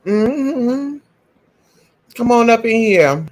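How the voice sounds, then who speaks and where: Sassy high-voiced man live streaming. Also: lively intonation, drawn-out words. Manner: sassy, loud, talks straight to viewers; eats and sips while talking. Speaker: live streamer reading chat. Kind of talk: casual livestream commentary.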